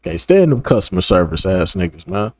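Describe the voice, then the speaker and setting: A man's voice: low-pitched, very animated, brisk, a little mellow. A man hosting a reaction video, talking bluntly and profanely in casual commentary, laughing and repeating himself.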